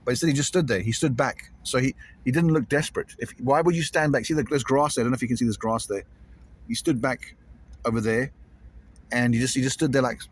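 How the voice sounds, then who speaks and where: A man's voice: medium pitch, quick pace, slightly rough. A man vlogging casually to camera, rambling and repeating himself in an uneasy way.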